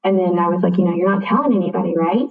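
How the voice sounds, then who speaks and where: A woman's voice: lowish voice, very fast, gravelly, roomy sound. Chatty young woman on a tinny line. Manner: chatty, frequent "like", acts out dialogue. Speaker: guest. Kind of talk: personal storytelling. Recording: tinny phone-line sound, distant.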